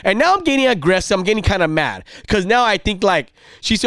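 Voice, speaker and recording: A man telling a rambling personal story in a casual way. He repeats himself and gets louder and more heated as the story builds. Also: high voice, a little fast, no room sound, studio quality. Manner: rambling, animated, repeats himself, heats up when recounting anger.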